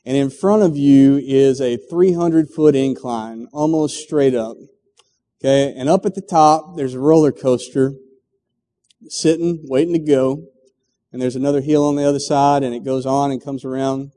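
A middle-aged pastor preaches a sermon, telling a story packed with acted-out quotes and stumbling restarts. His medium-pitched, dark-toned voice stays fairly even at a normal speed, and a long hall reverb surrounds it.

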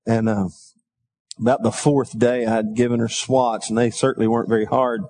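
A middle-aged man preaching a sermon, calling for responses from the congregation and telling folksy stories in a quieter aside voice. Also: level tone, a little fast. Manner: folksy storytelling, drops to a low aside. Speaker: pastor.

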